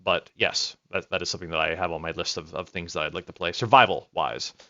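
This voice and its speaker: A man's voice: low-pitched, fairly even intonation, fast, sharp tone, muffled recording. A man streaming a game live, rambling and swearing as he reacts and chats with viewers. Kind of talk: casual live gameplay commentary.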